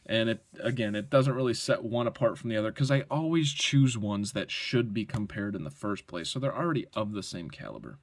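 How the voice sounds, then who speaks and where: A man's voice: lowish voice, lively intonation, fairly quick, hardly any pauses. A man casually reviewing a pocket knife on camera, enthusiastic and rambling, often tagging "right?" and swearing mildly.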